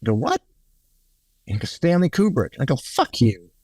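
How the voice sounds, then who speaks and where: A man's voice: mid-range voice, huge pitch swings, moderate pace, slightly rough, no room sound. A middle-aged man, a guest cinematographer, telling anecdotes in a casual interview and acting out the quoted lines. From New York. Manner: storytelling, swearing, acts out quotes.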